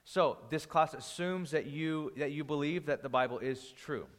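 A man's voice: a little high, normal speed, in a large hall. A man teaching a Bible class as a pastor. He talks in a conversational way, with restarts and anecdotes. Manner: conversational, restarts and anecdotes, rising energy when storytelling.

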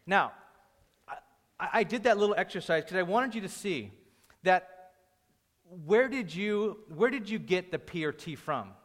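A man's voice: sits high, lively intonation, moderate pace, long pauses. A man preaching a sermon, conversational and joking with the congregation. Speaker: pastor. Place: church hall. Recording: long hall reverb.

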